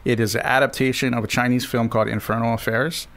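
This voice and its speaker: A man co-hosting a movie chat podcast. He talks in an animated, teasing way and likes to ribbing his co-hosts, with a voice of middling pitch. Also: quick pace, creaky. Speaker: podcast co-host.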